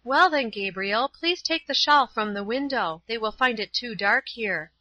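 A woman reading aloud voices a sick but gentle young woman teacher, speaking softly and reassuringly. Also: fairly high pitch, lively intonation, measured pace, no echo, pitched above the performer's own voice, full character voice. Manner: soft, reassuring. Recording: slightly dull, dry.

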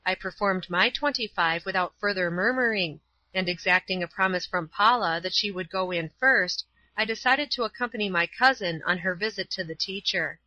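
A woman reading a storybook aloud in a measured, clear first-person narration. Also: medium pitch, pushed and bright, no room sound. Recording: slightly dull, dry.

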